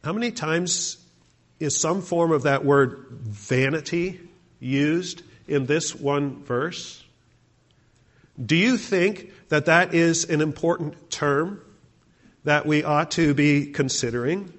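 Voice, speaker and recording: A man's voice: on the high side, slow. A male pastor preaching a sermon, asking the congregation rhetorical questions.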